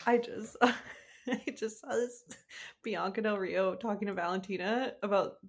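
A woman co-hosting a chat podcast with a wry, deadpan sense of humor. She talks casually and often laughs at her own sarcasm. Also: medium pitch, a little slow. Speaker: podcast co-host.

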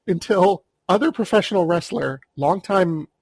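A man's voice: high voice, takes it slowly, husky, no echo. A man co-hosting a podcast, telling a story in a dry, sardonic way. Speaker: podcast co-host. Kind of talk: casual storytelling chat.

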